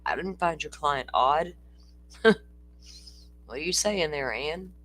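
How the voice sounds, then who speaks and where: A livestream host rambles casually through a true-crime stream, laughing often, swearing freely, and sounding tired and yawning. The voice is medium-pitched, animated and sharp-toned at a slow pace. A little hiss or hum is audible.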